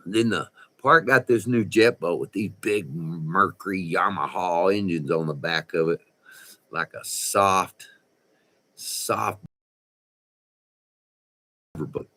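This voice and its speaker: A man, telling a rambling, profane story in a folksy, animated way. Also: low voice, slow pace, long pauses. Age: 60s. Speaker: vlogger. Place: indoors by a window.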